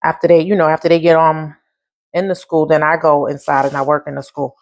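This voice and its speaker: A woman's voice: sits low, flat delivery, brisk, a little mellow. A woman who drives a school bus, chatting casually while she cooks in her home kitchen, a laughing storyteller. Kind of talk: casual cooking vlog.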